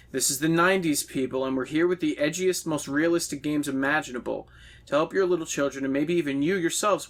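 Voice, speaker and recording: A man reading a story aloud as a blunt male game designer who scorns a soft world, in a preachy, contemptuous way. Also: medium pitch, lightly acted.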